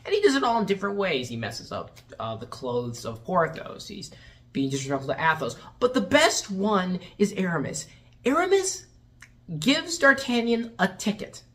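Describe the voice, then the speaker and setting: A woman delivers a casual movie review as a running rant. Her tone is sarcastic and exasperated, and she swears without hesitation. Her medium-pitched voice swings up and down with great animation as she mimics the characters in mocking voices. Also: big pitch swings, moderate pace. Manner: acts out quotes in mocking voices.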